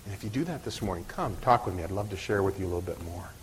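A man's voice: deep voice, very fast, slight background noise. A man preaching a sermon at a church service, earnest, often restarting and repeating his words.

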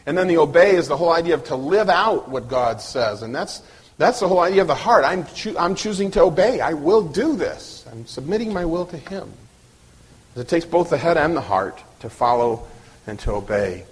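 A man's voice: on the high side, animated, a little fast, breathy edge. A man preaching a sermon at a church service, earnest, often restarting and repeating his words.

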